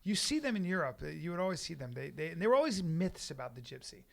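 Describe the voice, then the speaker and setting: A man's voice: a little high, very animated, quick pace, vocal fry, a bit bright. A man co-hosting a casual podcast, cracking jokes and throwing in playful remarks. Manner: joking, playful interjections. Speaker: podcast co-host.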